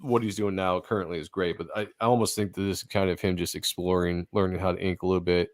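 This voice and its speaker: A man's voice: deep voice, little pitch movement, quick pace. A man hosting a casual livestream, talking enthusiastically about comic art and swearing now and then. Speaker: host.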